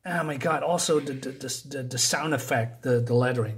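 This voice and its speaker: A man casually recapping a comic book story with many restarts and fillers. He gets excited and laughs at the gory moments. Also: mid-range voice, a little fast.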